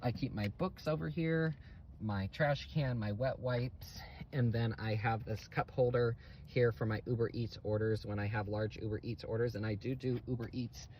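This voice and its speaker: A man's voice: mid-range voice, fairly even intonation, normal speed, darkish tone. A man giving a plain, matter-of-fact tour of the car he lives in, filmed on a handheld phone. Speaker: vlogger living in his car. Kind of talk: casual show-and-tell tour. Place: inside a parked car. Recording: dull lo-fi phone clip with faint ambient noise.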